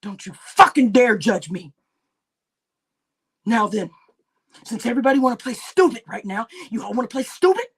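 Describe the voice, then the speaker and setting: Woman streamer, delivering an angry, expletive-laden rant with shouted peaks. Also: a little high, expressive, moderate pace, long pauses, husky. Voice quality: heavy cursing, shouting bursts. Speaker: livestream host.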